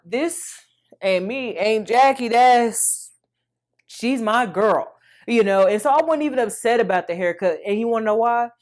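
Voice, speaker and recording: A woman in her thirties vlogging, telling an emotional personal story in a chatty, animated way and speaking to viewers as y'all. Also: medium pitch.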